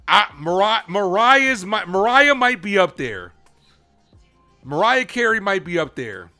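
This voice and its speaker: A man hosting a live baseball stream, chatting casually with viewers while calling the pitches in an animated way. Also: slow pace, faint music behind. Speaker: live play-by-play streamer and host.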